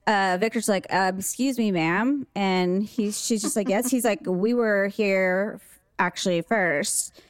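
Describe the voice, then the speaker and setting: A middle-aged woman recounting an anecdote in easygoing podcast chat. She voices each person's lines with lively emphasis. The sound is close and dry, with almost no room around it. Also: mid-range voice, measured pace, clean tone, no echo. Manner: animated, acts out quoted dialogue. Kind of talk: casual storytelling chat.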